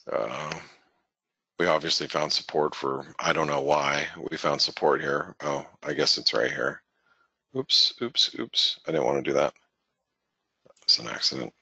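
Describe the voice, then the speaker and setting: A man's voice: a bass voice, gravelly, bright, forceful tone, breathy edge, dry recording. A man hosting a webinar, giving casual live market commentary in a rambling way that keeps correcting itself and restarting. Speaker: forex market analyst, webinar host.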